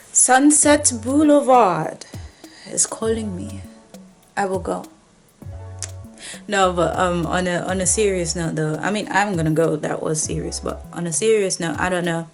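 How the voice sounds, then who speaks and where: A young woman from Nigeria chatting casually to the camera in a vlog, animated and joking, sometimes mimicking commenters. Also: on the low side, moderate pace, soft background music. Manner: chatty, animated, with playful put-on voices of commenters. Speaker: vlogger. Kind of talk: casual talking-to-camera chat.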